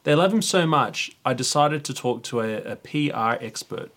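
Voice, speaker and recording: A man's voice: medium pitch, expressive, normal speed, a bit bright. A man hosting a satirical news talk show, announcing in a mock-official, sarcastic manner. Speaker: host.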